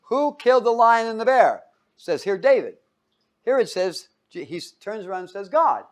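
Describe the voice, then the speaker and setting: A man's voice: high-pitched, big pitch swings, normal speed. A man preaching in a casual, storytelling way, often chuckling and asking his listeners questions. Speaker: preacher teaching a Bible study. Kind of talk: casual sermon.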